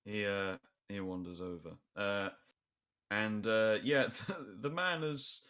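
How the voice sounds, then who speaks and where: A man's voice: fairly low pitch, slow, bright, forceful tone, smooth. A man narrating as game master of a tabletop role-playing game, with many fillers and chuckling asides.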